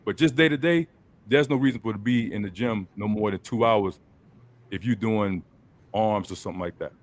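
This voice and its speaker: A man's voice: fairly low pitch, brisk. A man hosting a casual group chat over a video call, talking in a loose, colloquial coaching way. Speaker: host.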